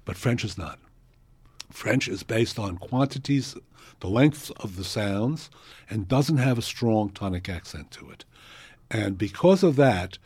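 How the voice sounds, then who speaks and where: A man's voice: on the low side, darkish tone, slightly rough, dry recording. A man, a composer, answering interview questions in a thoughtful, explanatory way with frequent hesitations.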